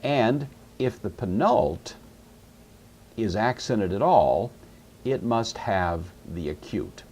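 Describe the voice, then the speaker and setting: A middle-aged man teaching Greek grammar in a recorded lecture, explaining patiently step by step and repeating key words slowly. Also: fairly low pitch, expressive, a little mellow, breathy edge.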